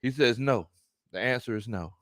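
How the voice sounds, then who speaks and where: A man hosting a live sports talk stream, animated, laughing often and greeting his chat. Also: mid-range voice, normal speed. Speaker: sports talk show host.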